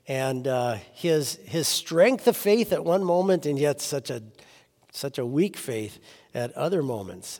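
A man's voice: on the high side, a little mellow. Man preaching with a long reverb. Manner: reads scripture steadily, then reflects in loose, halting speech. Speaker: pastor. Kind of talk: sermon.

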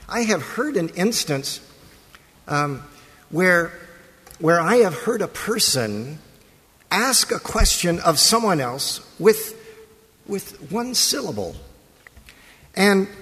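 A man's voice: on the high side, a bit bright. A man preaching a sermon as pastor, moving from liturgical prayer and scripture reading into a conversational talk. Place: church sanctuary. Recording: long reverb of a large hall.

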